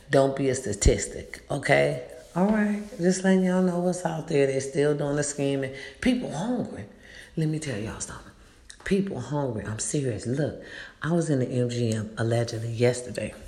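A middle-aged woman, a mother, telling a casual story in a blunt, animated way and swearing freely. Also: a bass voice. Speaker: vlogger. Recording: echoey room.

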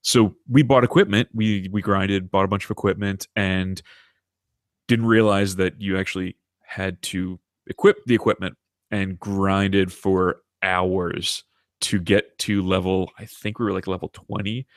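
Low voiced guy, animated storyteller, swears a lot, dry close mic. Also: unhurried, no echo. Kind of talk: casual chat.

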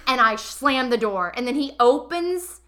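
Bright-voiced young woman telling a story. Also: high voice, a little slow. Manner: animated, emotional, addresses listeners directly. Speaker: podcast host. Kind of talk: casual confessional storytelling.

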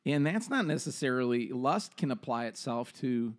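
Easygoing pastor hosting a podcast. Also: male voice, medium pitch, moderate pace. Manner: relaxed, hesitant, many fillers. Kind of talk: casual podcast chat.

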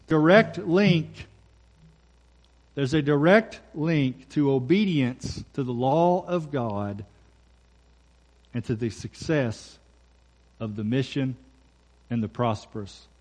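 Pastor guy preaching, kinda high voice, punchy and repeats stuff. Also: darkish tone. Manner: emphatic, repeats key phrases, slows down for scripture. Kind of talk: sermon.

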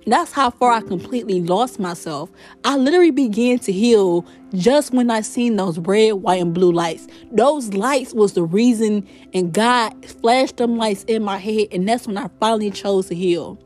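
A woman hosting a podcast, telling her spiritual testimony in an emotional, expressive way. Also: mid-range voice, normal speed, soft background music. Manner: emotional, expressive, faith-filled storytelling. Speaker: podcast host.

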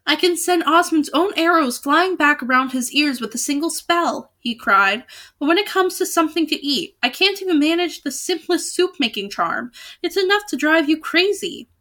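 A woman's voice: on the high side, lively intonation, moderate pace, sharp tone. A woman doing a grumpy young wizard. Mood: frustrated. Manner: gloomy, growling complaints.

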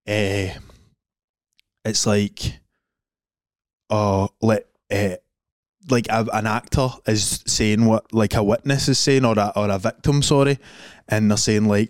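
A man's voice: lowish voice, steady tone, slow pace, long pauses, clean tone, no echo, clean studio sound. A young Scottish man co-hosting a podcast, chatting casually and rambling with lots of swearing and fillers. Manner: rambling, swearing, laughing a lot, filler-heavy. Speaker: podcast co-host. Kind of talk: casual chat.

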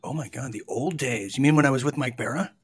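A man's voice: medium pitch, fast talker, husky, no room sound. A man hosting a call-in show, joking and stammering through casual chat. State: sweating. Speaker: host.

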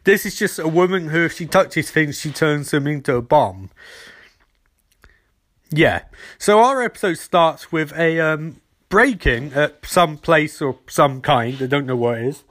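Guy reviewing tv casually, high pitched and sharp, acts out the lines. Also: a little slow. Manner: animated, swears freely, acts out quotes. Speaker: TV episode reviewer. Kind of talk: casual recap with jokes.

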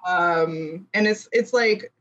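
Halting woman explaining costume tools. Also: lowish voice, fairly bright tone, muffled recording. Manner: halting, explanatory, laughs easily. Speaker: costume professional. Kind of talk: casual explaining on a video call.

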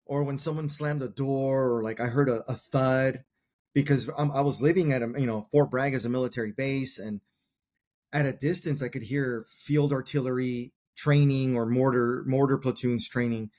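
Guest: man in his forties, earnest veteran, mid-pitched, reflective storytelling. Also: fairly even intonation, moderate pace, darkish tone, a little hiss or hum. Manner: earnest, reflective, talks in short plain clauses. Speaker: podcast guest, combat veteran. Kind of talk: personal storytelling in a conversation.

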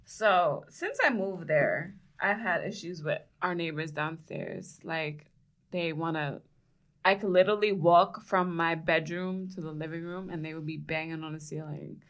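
Blunt woman co-host, lower voice, emphatic and frank. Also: unhurried. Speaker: podcast co-host. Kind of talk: casual chat. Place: New York City.

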